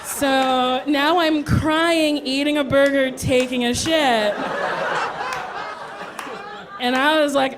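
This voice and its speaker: A woman's voice: high-pitched, steady tone, slow pace, pauses often, noisy background. A woman telling brash, laughing stories in a stand-up comedy set, acting out voices, recorded live on stage. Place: comedy club stage before a live audience. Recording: live show with loud crowd laughter.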